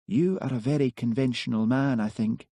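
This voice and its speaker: A man reading a calm, soft-spoken young Highland woman astrologer, with a soft lilting Highland accent. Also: moderate pace, dry recording, lightly acted. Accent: Scottish Highland. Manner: calm, quietly knowing.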